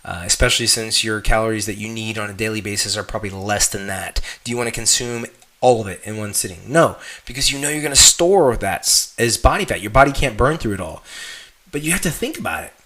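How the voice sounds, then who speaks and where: Bright-voiced man coaching a lesson. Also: lowish voice, quick pace. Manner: direct and coaching, often checks in with "okay?"; animated, voice jumps up on emphatic questions. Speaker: fitness coach. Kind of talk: online course lesson.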